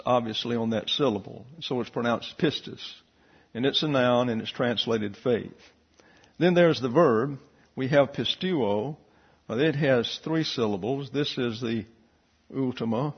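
A man with a husky, mid-pitched voice leads an evening Bible class, working through each point slowly and methodically, often pausing on "uh." The recording is dull and lo-fi. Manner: measured, methodical teaching with frequent fillers. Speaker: Bible teacher.

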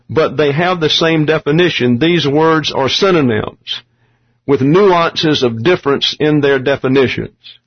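A man teaching a Bible study lesson on Greek grammar, explaining terms step by step with dry asides. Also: fairly high pitch. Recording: dull lo-fi recording.

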